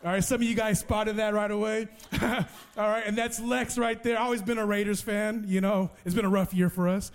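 A man preaching, telling his testimony as a lively story and restarting with repeated words. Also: sits high, a little fast, smooth. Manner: lively storyteller who acts out other people's voices.

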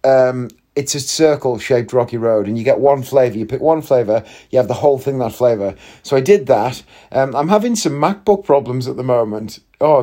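A man's voice: medium pitch, mellow. A man, telling a long story in a chatty, rambling way with wry asides. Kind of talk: casual storytelling monologue.

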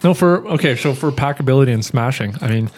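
A man of middling pitch co-hosting a relaxed podcast. He talks in a plain, matter-of-fact way and lays out details one by one. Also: fast talker, slight background noise. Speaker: podcast co-host. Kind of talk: casual chat.

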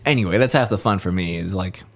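A man's voice: low voice, fast, vocal fry. A man co-hosting a podcast in casual chat, rambling and often searching for words. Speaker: podcast co-host.

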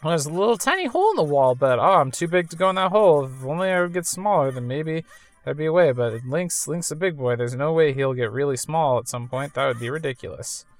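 Low-voiced woman rambling thru a game, lively up and down voice, chill and chatty. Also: quick pace, faint music behind. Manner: chatty, rambling, self-amused. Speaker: let's-play gamer. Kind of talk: casual game commentary.

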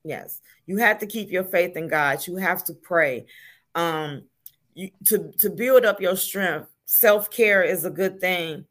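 A woman's voice: lowish voice, slow pace, a bit bright. An older woman, a grandmother, talking earnestly as a guest on a talk show, often repeating words as she makes her point. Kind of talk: casual chat.

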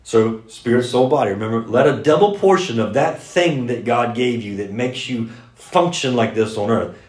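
A man preaching a sermon, telling the story fast and with energy, now and then shouting out lines in character. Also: mid-range voice. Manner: energetic, fast-talking storyteller with bursts of loud mimicry. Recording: echoey room.

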